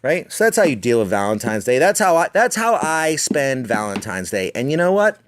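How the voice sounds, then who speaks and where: A man's voice: medium pitch, sing-song, normal speed. A man hosting a podcast, telling a story in a profane, rambling, self-mocking monologue and slipping into voices for people in it. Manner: slips into voicing people in his anecdotes. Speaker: podcast host.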